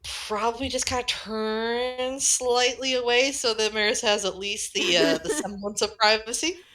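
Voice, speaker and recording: A woman casually narrating a collaborative role-play, relaxed and full of fillers. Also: a little high, a little slow. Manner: relaxed, filler-heavy, drifts between quiet and loud. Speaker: tabletop role-play player.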